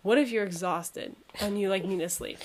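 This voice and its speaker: A woman's voice: mid-range voice, normal speed, a loud crowd. A teenage girl in casual chat about school, talking in a chatty, slangy way.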